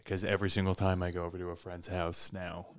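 A man's voice: deep voice, completely flat delivery, fast, clear, resonant tone. A man in his thirties, a guest on a comedy podcast, talking bluntly and swearing freely. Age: 30s. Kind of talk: casual comedic chat.

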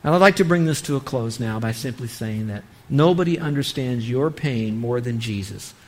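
A man's voice: mid-range voice, animated, normal speed, a little mellow. A man preaching a sermon on parenting, earnestly acting out what a parent might say. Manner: earnest, acts out parent-child dialogue. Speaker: pastor.

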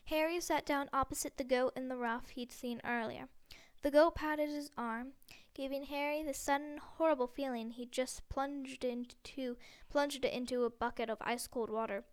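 A woman reads a storybook aloud in a steady, gentle way, now and then catching a small slip. Her voice is high and rings smooth and clear. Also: normal speed, hardly any pauses. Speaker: audiobook reader. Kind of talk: storybook narration.

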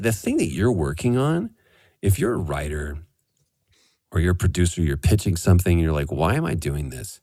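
Man, 40s, deep and very expressive, dry close mic, casual podcast guest telling animated anecdotes. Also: normal speed, no room sound. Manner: animated storyteller, swearing freely. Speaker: voice actor guest.

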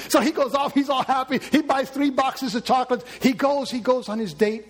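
A man's voice: very high-pitched, animated, a little fast, few pauses, slightly rough. A man preaching a sermon, telling a long joke story to his congregation and acting out the characters as he goes. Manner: storytelling, acts out characters, asks the congregation questions.

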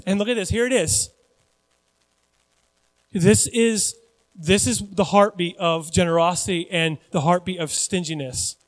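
A pastor in his forties preaching a sermon with animated, joking, self-deprecating asides. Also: high voice, a little slow, pauses often, long reverb tail.

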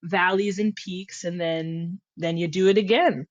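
A woman's voice: fairly low pitch, measured pace, no room sound, highs cut off. A young woman from Connecticut, a podcast guest telling a funny childhood story with lots of laughs and acted-out quotes. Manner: animated, laughs often, acts out her younger self. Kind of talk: casual storytelling chat.

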